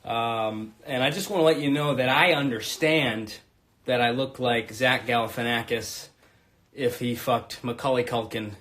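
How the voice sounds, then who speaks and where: Thirtysomething guy doing stand-up over a home livestream, rambly and swears a lot, middle-pitched voice. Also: a bit bright. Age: 30s. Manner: rambling, profane, self-mocking. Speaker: stand-up comedian and host. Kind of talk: live-streamed stand-up set. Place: home in Brooklyn.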